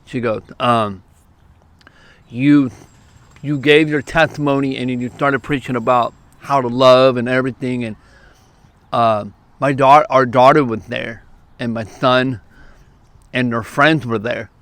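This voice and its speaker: A man's voice: mid-range voice, no echo. Man telling a story at a park. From California. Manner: lively, quick bursts, acts out quoted lines. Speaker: youth preacher. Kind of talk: casual storytelling to camera. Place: outdoors at a park.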